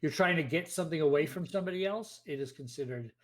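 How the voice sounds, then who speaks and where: A man's voice: on the high side, fast talker. A man running a tabletop role-playing game as game master, narrating scenes and explaining rules plainly.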